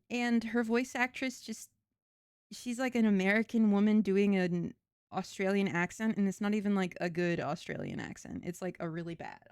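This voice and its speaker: A woman's voice: mid-range voice, clear, resonant tone, no room sound, clean studio sound. A woman streamer chatting casually in a reaction stream, rambling, laughing and swearing freely.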